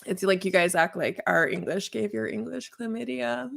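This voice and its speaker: A woman's voice: medium pitch, normal speed, gravelly, fairly bright tone. An American woman doing a mocking stand-up set over a video call, laughing at her own jokes. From United States. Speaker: stand-up comedian.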